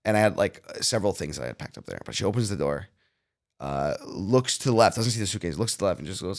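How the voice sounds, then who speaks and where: A comedian guest in casual podcast chat, an animated storyteller who acts out the lines of the people in his stories. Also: low voice, quick pace.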